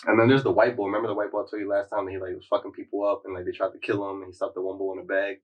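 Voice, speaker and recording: Low-voiced man rambling through a story. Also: flat delivery, rapid-fire, far from the mic, dull audio. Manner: rambling slang-heavy retelling, packed with "like". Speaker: podcast host. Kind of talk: casual storytelling chat.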